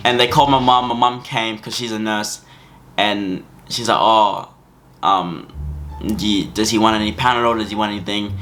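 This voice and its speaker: A man's voice: fairly low pitch, fairly even intonation, moderate pace, sharp tone, soft background music. A young man telling a school story to camera in a rambling, casual way, full of fillers and repeats. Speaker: vlogger.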